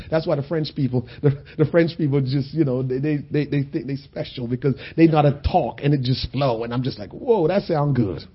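A man preaching a sermon in a conversational, storytelling way that builds to loud, shouted points. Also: mid-range voice, slightly rough, dull audio.

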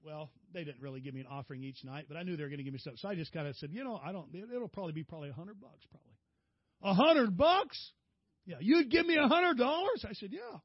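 A middle-aged preacher spins a folksy story from the pulpit, his husky voice lifting when he quotes others. The sound is dry and a little muffled. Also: a little high, rapid-fire, hardly any pauses, dry recording. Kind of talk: storytelling sermon.

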